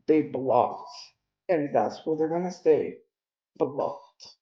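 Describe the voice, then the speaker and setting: Slow-talking exasperated woman venting. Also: sits low, expressive, reverberant, highs cut off. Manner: venting, exasperated, lots of fillers. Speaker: livestreamer. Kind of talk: casual venting livestream chat.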